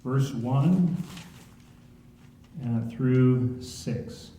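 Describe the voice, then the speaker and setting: A man's voice: mid-range voice, extremely slow, warm tone, a little hiss or hum. A man leading a church Bible study in a conversational way, often asking the congregation questions. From Ohio. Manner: conversational, asks the room questions. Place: church sanctuary. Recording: echoey church hall, dull sound.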